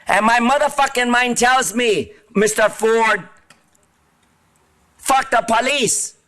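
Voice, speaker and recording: A man's voice: very high voice, slow, bright, forceful tone. Man ranting profanely at a public meeting. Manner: profane, ranting, erratic, combative. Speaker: public commenter. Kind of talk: angry public comment rant.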